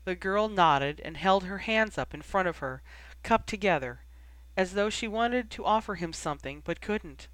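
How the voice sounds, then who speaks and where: A reader narrating fan fiction in a measured, steady way. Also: mid-range voice, no echo. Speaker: audiobook reader.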